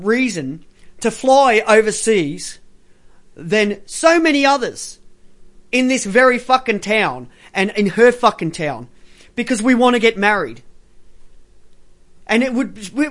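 A man doing reaction commentary, swearing with contempt and cheering on the clips he plays. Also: very high voice. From Australia. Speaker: commentary streamer.

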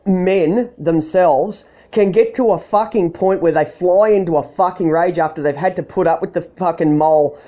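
A man in casual chat, rambling, profane and quick to laugh. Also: high voice, warm tone, dull audio.

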